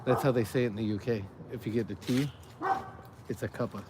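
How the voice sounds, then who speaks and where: Joking dad chatting outdoors by a fire. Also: male voice, mid-range voice, steady tone, a little fast, very noisy. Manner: joking, laughs often, reads chat aloud. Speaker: livestream host, father. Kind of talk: casual live chat with viewers. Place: outdoors by a backyard fire at night.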